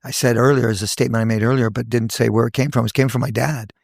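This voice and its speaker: A man in his sixties, a hair educator, telling stories from his career in a lively podcast chat, acting out the voices of people he quotes. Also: mid-range voice, fast, vocal fry, no echo, clean studio sound. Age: 60s. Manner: animated storyteller, acts out quoted voices. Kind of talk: casual podcast storytelling.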